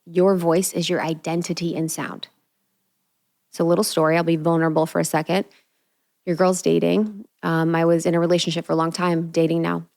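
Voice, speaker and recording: Low-pitched earnest woman podcast host. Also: flat delivery, a little fast, creaky, darkish tone. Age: young adult. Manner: earnest, spiritual, casual with frequent "like". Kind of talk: reflective solo podcast monologue.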